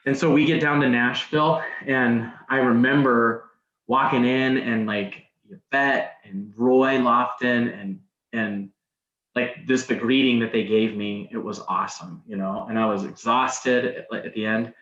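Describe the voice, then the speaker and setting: A man's voice: medium pitch, fairly even intonation, unhurried, a bit bright. A man guest on a podcast, telling a story casually, rambling, with many restarts and "like"s. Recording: roomy, dull sound.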